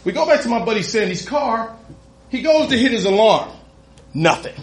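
A man doing stand-up, telling a story with lively delivery, laughing as he goes and acting out the other people in it. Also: very high voice, normal speed, roomy sound. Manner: animated, laughs through his own story, acts out other voices. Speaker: comedian.

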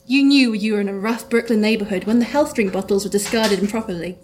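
A woman's voice: medium pitch, fast talker. A woman reading her own comic detective story aloud to a live audience, with a dry delivery.

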